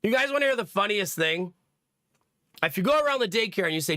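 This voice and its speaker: A man's voice: high-pitched, expressive, quick pace, sharp tone, no room sound, studio quality. A young man hosting a livestream, chatting casually to his viewers, rambling from topic to topic and laughing often. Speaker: livestream host. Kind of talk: casual stream chat.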